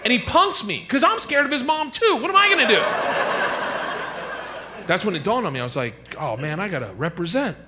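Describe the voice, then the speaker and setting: A man doing a stand-up routine on stage, animated, breaking into squeals and shouts for effect. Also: very high-pitched, a little fast, pauses often, background noise. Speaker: stand-up comedian.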